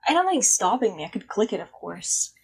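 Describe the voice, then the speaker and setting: A woman's voice: medium pitch, sing-song, fairly quick, vocal fry, slightly rough, low-quality recording. Blunt, cursing young woman streamer. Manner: blunt, swears freely, drifts between loud and hushed. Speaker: live streamer. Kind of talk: casual chat with stream chat.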